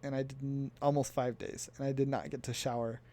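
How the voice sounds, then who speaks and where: A man's voice: mid-range voice, little pitch movement, fairly quick, mellow. A young man from the United States casually telling a story for his vlog, chatty and laughing as he recounts. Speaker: vlogger.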